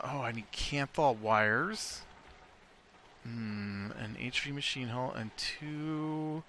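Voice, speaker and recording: A man's voice: medium pitch, vocal fry, bright, forceful tone, slight background noise. An American man giving casual gameplay commentary, thinking aloud and rambling with lots of fillers. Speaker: let's play host.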